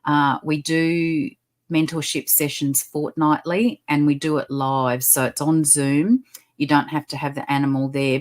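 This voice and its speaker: A woman, a guest on a podcast, describing her work talking with animals in a lively, upbeat manner. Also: low-pitched. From Australia. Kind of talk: podcast interview. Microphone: video call.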